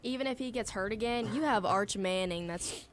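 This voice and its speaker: A young woman with a mid-pitched voice co-hosts college sports radio. She gives her pick casually, with plenty of fillers, over faint background noise. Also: normal speed.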